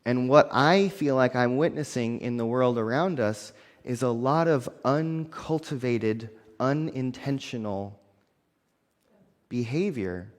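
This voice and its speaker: Earnest male minister in a reverberant hall. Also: mid-range voice. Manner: earnest, repeats phrases for emphasis. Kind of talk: sermon.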